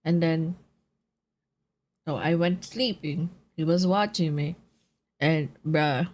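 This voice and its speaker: A young woman streamer chatting casually with viewers in a low, groggy voice from just waking up, laughing and swearing easily while she eats. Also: slow, darkish tone. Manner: laid-back, laughs often, swears casually, chats with viewers while eating. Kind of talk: casual live-stream chat.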